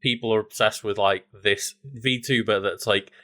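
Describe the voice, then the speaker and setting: A man co-hosting a podcast, talking in a relaxed, rambling way with many fillers. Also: on the low side, normal speed. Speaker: podcast co-host. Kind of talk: casual chat.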